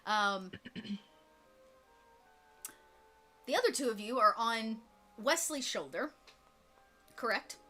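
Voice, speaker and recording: Woman game master, chatty, filler-heavy narration, bright tone. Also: a little high, animated, takes it slowly, long pauses, soft background music. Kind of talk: narrating a tabletop game on a live stream.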